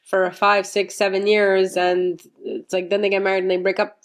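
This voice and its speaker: Woman, podcast host, casual chat, quick exclamations, swears freely. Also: medium pitch, flat delivery, a crowd in the background. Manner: chatty, reacts with exclamations.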